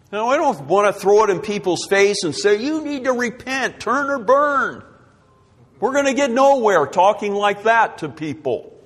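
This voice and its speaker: High-voiced preacher in a reverberant hall. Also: male voice, a bit bright. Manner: emphatic, repeats key words. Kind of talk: sermon.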